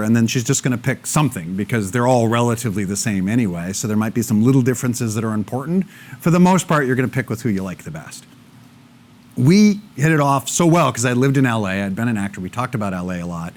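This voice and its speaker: A man's voice: mid-range voice, quick pace. A man speaking to a live audience, telling stories and acting out both sides of conversations. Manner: animated storytelling, acting out both sides of dialogues.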